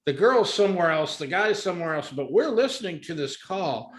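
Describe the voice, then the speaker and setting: Animated high-voiced male storyteller. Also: a little fast. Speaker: guest comedian. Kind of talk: casual storytelling. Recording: roomy echo.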